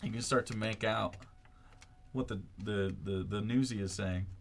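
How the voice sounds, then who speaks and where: A man's voice: lowish voice, moderate pace, gravelly, a little hiss or hum. A man narrating a tabletop game as game master, laid-back and full of filler words.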